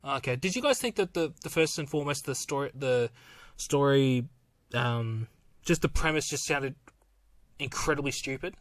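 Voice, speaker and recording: A man co-hosting a casual film-review podcast, talking in halting bursts with many false starts and exclamatory reactions. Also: medium pitch, expressive. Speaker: podcast co-host.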